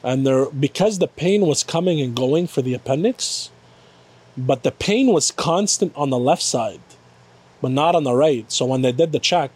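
A man's voice: medium pitch, expressive, normal speed, a little mellow, husky. A man in casual chat, telling a story with lots of swearing and acted-out quotes.

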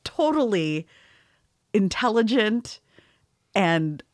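A woman's voice: medium pitch, very animated, extremely slow, dry recording, clean studio sound. A woman co-hosting a podcast in casual chat, giggly and talkative, often restarting her sentences. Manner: giggly, chatty, frequent restarts. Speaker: podcast co-host.

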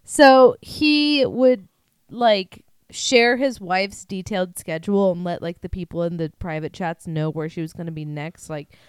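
A woman telling a crime story in a loose, profane way, laughing between lines. Her voice is smooth and clear, in a dry room with no echo. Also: on the low side, measured pace. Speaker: podcast co-host. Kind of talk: casual true-crime chat.

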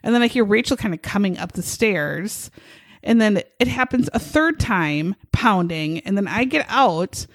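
A woman's voice: mid-range voice, animated, normal speed, no echo. A woman co-hosting a casual chat, telling a story animatedly, acting out quotes and swearing freely. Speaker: podcast co-host.

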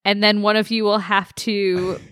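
A woman co-hosting a podcast, briskly laying out the rules of a game with a bossy edge. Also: mid-range voice, level tone, a bit bright, no echo. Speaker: podcast co-host running a game. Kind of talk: casual podcast banter.

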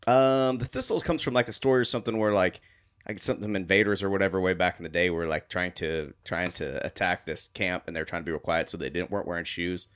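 A man's voice: low-pitched, steady tone, fast, a bit bright, clean tone. A man co-hosting a podcast, chatting casually and rambling with slang. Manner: rambling, laughing often, slangy. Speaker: podcast co-host. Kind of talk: casual chat.

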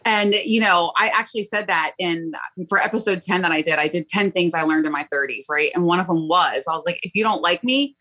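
A woman's voice: on the low side, a little fast, bright, forceful tone, breathy edge, low-quality recording. A middle-aged woman, a podcast host appearing as a guest, telling candid stories in a blunt, profane, laughing way. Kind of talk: candid casual interview talk.

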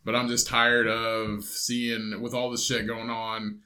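A man's voice: lowish voice, monotone, takes it slowly, bright, forceful tone. A man from south central Indiana co-hosting a casual podcast with his brother, rambling with many restarts and swearing. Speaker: podcast co-host. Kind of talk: casual chat.

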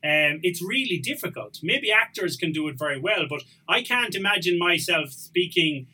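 An Irish man in his forties hosts a laid-back conversation, sharing anecdotes with a light, joking touch. His voice is strikingly bright and sharp, pitched a little high for a man, and always easygoing. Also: lively intonation, moderate pace, husky, rough recording. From Ireland. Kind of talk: casual conversation.

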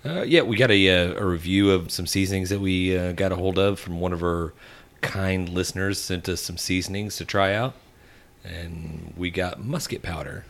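A man with a very low voice co-hosts a casual podcast chat. He speaks easily and jokes with the others. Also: normal speed, gravelly, fairly bright tone. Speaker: podcast co-host.

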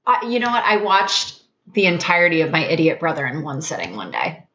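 A woman co-hosting a podcast in casual chat, chatty and quick to laugh, going into mock-outraged rants. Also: deep voice, lively intonation, sharp tone, dull audio. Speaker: podcast co-host.

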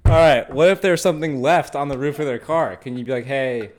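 A man's voice: fairly high pitch, quick pace, darkish tone. A man from California hosting a casual comedic chat, a talkative storyteller who laughs often. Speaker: podcast host.

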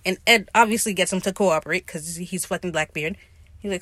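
A woman hosting a podcast, talking in a casual, slangy and profane way, opinionated and animated as she recaps. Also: lowish voice, a little fast. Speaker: podcast host recapping a TV episode. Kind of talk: casual chat.

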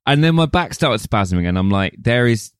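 A man's voice: fairly low pitch, very animated, fairly quick, smooth, dry recording, clean studio sound. A man co-hosting a film podcast in casual chat, telling rambling jokey stories. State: sore back. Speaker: podcast co-host.

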